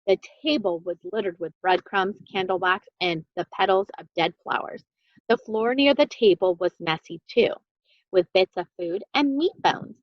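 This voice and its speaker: A woman reading a children's book aloud with expressive, animated storytelling. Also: mid-range voice, normal speed, no room sound, muffled recording. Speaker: reader.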